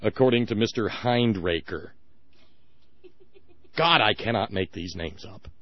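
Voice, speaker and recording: A man's voice: on the low side, a little slow, highs cut off. A man hosting a political call-in radio show, ranting in a sarcastic, mocking way. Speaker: radio talk show host.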